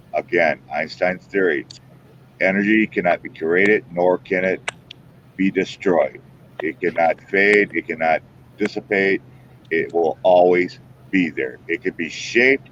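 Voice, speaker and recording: Deep-voiced folksy man, lo-fi stream audio. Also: slight background noise. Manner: folksy, emphatic, drawling. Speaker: paranormal show host. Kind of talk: casual live-stream chat.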